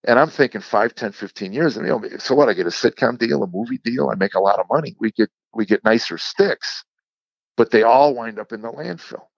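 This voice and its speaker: A man, a comedian guest on an interview podcast, candidly telling a personal story in a halting, earnest way and acting out the quotes. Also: mid-range voice, animated, creaky, no room sound, highs cut off. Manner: earnest, halting retelling with repeated words and acted-out quotes.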